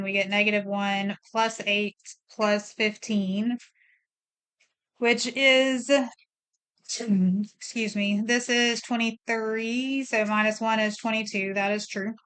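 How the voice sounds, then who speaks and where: A middle-aged woman teaches a recorded math lesson. Her voice is smooth and clear, with a level, unvarying tone. She explains plainly, thinking aloud through each step as she works. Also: medium pitch, steady tone, measured pace, a bit bright.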